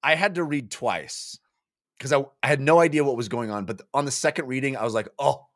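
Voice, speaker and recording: A man's voice: medium pitch, brisk, dry recording, studio quality. A man co-hosting a casual book club chat, recapping chapters and acting out characters' lines in playful voices. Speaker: podcast co-host.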